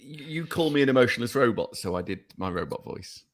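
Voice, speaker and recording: A man's voice: medium pitch, expressive, a little fast, slight background noise. A man with a Staffordshire English accent, co-hosting a podcast with dry, self-mocking humor. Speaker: podcast co-host. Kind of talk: casual banter.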